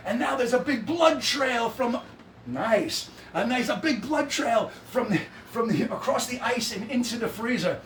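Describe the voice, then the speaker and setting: A man retells a stage show in a lively, tumbling way, his voice pitched high for a man. He sounds distant in an echoey room, with guitar music playing behind him. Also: a little slow, slight background noise. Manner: lively, laughing, restarts mid-sentence. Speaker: storyteller on a live stream.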